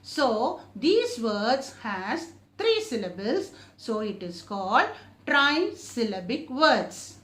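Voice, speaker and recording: Slow, lively woman teacher in an echoey room. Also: fairly high pitch. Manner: slow, drawn-out modelling of each word, often repeated; asks the class questions and answers them herself. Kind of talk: recorded English lesson for children.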